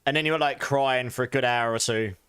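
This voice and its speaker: A man's voice: mid-range voice, brisk, fairly bright tone, smooth, dry recording, clean studio sound. A man streaming a game live, chatting casually with viewers and laughing often. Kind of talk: casual live stream chat while gaming.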